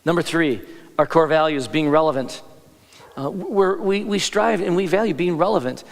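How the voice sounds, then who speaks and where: A man's voice: fairly high pitch, normal speed, vocal fry. A man preaching as a pastor, talking in a loose, conversational way, often breaking off mid-sentence and turning to the congregation with asides. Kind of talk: sermon. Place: large church hall. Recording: long reverb of a church hall.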